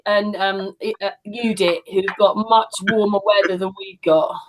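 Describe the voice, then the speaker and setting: A woman leads a relaxed group video call, greeting newcomers and naming everyone in turn. Her voice sits at an ordinary middle pitch, and she comes across friendly and chatty. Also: unhurried, slight background noise, rough recording. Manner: friendly, introduces guests. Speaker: hangout host.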